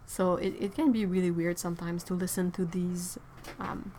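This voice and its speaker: A woman from Quebec, chatting casually on a livestream and answering viewers, playful and quick to laugh. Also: lowish voice, fairly even intonation, warm tone, a little hiss or hum. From Quebec, Canada. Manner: chatty and playful, with frequent laughs and self-corrections. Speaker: artist livestreaming.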